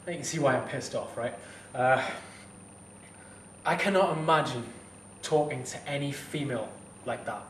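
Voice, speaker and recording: A man's voice: medium pitch, unhurried, pauses often, distant mic, slight background noise. Indignant man in an echoey room. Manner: heated, indignant, blunt, swears. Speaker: fitness instructor. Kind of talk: direct-to-camera advice vlog.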